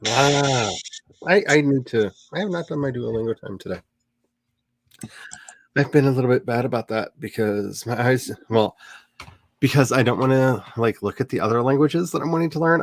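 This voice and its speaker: A man's voice: mid-range voice, gravelly, no room sound. A man hosting a writing livestream, chatting casually in a rambling, self-mocking way, full of jokes and asides. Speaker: livestream host. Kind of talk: casual chat during a writing sprint stream.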